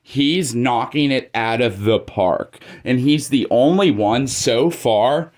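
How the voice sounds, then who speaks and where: Chatty, opinionated man with mid pitch. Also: slow, a little mellow. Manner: opinionated, chatty, many "like" fillers. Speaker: anime video commentator. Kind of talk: casual opinion commentary.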